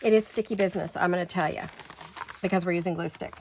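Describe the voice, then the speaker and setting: A woman's voice: lowish voice, fairly even intonation, fast, a little mellow, a little hiss or hum. Tired chatty woman crafting at home. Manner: chatty, rambling, loses her words. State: tired and a little out of breath. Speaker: craft vlogger. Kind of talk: casual craft tutorial chat.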